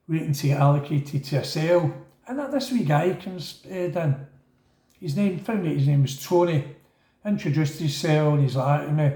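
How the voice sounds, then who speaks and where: A middle-aged man with a Glaswegian accent telling a casual, rambling story and acting out the voices of other people. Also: a little high. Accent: Scottish, Glaswegian. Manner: rambling, animated, acts out quoted voices. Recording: echoey room.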